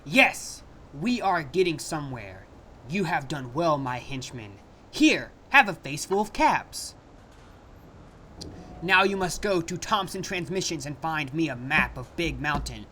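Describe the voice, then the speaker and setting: A man's voice: on the high side, expressive, measured pace, pushed and bright. A gleeful mad scientist villain swinging his voice up and down with wild, theatrical glee. He barks orders at his henchman in video game dialogue over a faint hiss.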